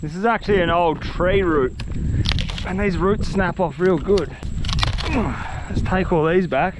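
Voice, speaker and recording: A young man with an Australian accent, vlogging his fishing trip outdoors in the bush, excitable and slangy. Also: high voice, unhurried, noisy background. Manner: excitable, slangy, swears freely. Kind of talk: outdoor vlog talking to camera.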